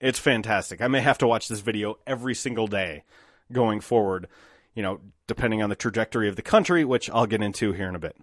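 A man hosting a solo podcast, telling stories with animated, emphatic bursts of excitement. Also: fairly low pitch, quick pace, no room sound, studio quality. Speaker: podcast host.

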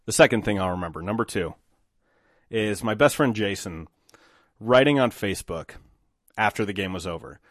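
A man hosting a solo podcast, telling stories with animated, emphatic bursts of excitement. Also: fairly low pitch, normal speed, pauses often, dry recording, studio quality. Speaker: podcast host.

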